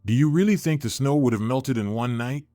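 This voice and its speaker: Man reading as cheerful teenage son, bossy but kind, middle pitch, dry close sound. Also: brisk, warm tone, no echo, soft background music, close to an everyday voice.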